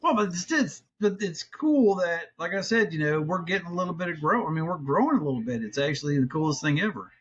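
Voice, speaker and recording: This is a middle-aged man chatting as a podcast co-host, his voice sitting a touch high for a man. He rambles, restarts his sentences and swears without a second thought. The sound is dull and lo-fi, as if through a cheap mic. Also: very animated, fast talker, few pauses, fairly bright tone. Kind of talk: casual chat.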